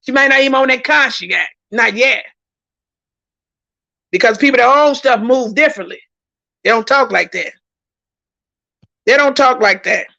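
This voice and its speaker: A woman hosts a casual livestream, talking emphatically and circling back to repeat her points. Her voice sits high and sounds bright and forceful. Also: moderate pace, creaky, pauses often, highs cut off. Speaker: host reading viewer comments.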